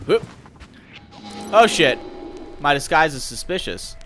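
Fluchender junger Mann beim Zocken. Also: male voice, fairly high pitch, slow pace, faint music behind. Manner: excitable, swearing, thinking aloud. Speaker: gameplay commentator. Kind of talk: casual gameplay commentary.

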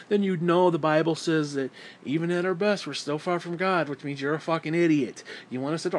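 A foul-mouthed man vents in a heated, sarcastic vlog rant about faith and politics. His voice sits a little high for a man, and he swings between shouting and muttering. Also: a little fast. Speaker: vlogger. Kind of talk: angry religious rant.

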